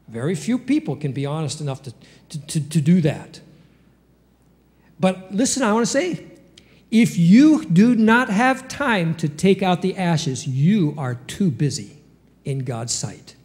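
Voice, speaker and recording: A man preaching a sermon as pastor, with rhetorical questions and sudden jumps up in pitch. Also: very animated, unhurried, pauses often, a little mellow. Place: church sanctuary. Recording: long reverb of a church hall.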